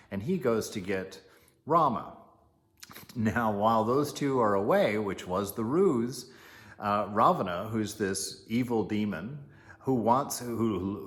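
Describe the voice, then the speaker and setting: A man gives a casual spiritual teaching and retells a legend with lively storytelling. He adds chuckling asides now and then. His voice sits on the low side.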